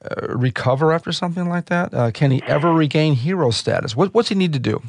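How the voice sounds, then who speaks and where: A man's voice: fairly high pitch, animated, quick pace, no room sound, studio quality. A man hosting an interview, asking questions and adding points in a conversational way with frequent fillers. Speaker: host. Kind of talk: radio interview talk.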